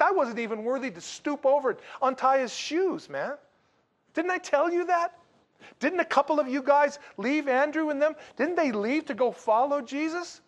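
A male pastor preaching a sermon in a conversational, animated way, with rhetorical questions and slangy asides. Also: extremely high pitch.

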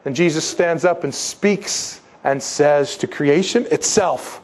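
Animated man preaching a sermon. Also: fairly high pitch, takes it slowly. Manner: animated, conversational preaching with acted-out quotes. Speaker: pastor.

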